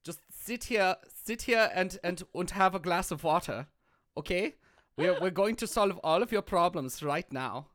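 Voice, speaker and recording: A man playing a brash, overconfident male doctor with pushy, hurried bedside patter, in a comedy podcast sketch. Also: fairly high pitch, animated, bright, forceful tone. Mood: soothing pushy. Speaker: podcast host.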